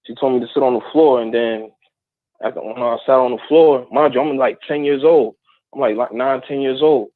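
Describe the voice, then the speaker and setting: A man's voice: medium pitch, no room sound. Man telling a story over a tinny phone line. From Plainfield, New Jersey, USA. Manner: casual, halting, with fillers. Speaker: caller. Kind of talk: call-in storytelling.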